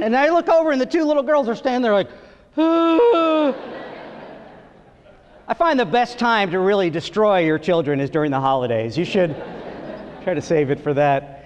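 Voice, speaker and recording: Heard in a large hall through dull audio, a very high male voice belongs to a middle-aged Long Island, New York comedian doing stand-up in a theater. He tells family stories with lively energy, acting out the voices.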